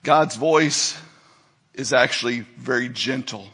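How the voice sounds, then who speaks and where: Male preacher, husky and bright, dynamic sermon delivery with big swings in volume. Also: mid-range voice, slow pace. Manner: dynamic preacher, swinging from soft asides to loud emphatic declarations. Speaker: pastor.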